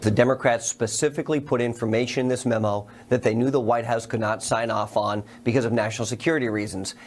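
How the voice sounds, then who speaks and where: A man's voice: mid-range voice, fairly even intonation, fast, a little hiss or hum. Man making a firm political point. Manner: firm, on-message. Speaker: political guest in a clip.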